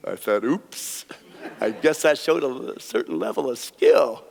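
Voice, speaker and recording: A man's voice: medium pitch, animated, a little slow, creaky, a little mellow. A man performing card magic on a theater stage, telling folksy anecdotes and chuckling at his own punchlines. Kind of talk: live stage storytelling with card tricks. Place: theater stage before an audience. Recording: long hall reverb from a stage.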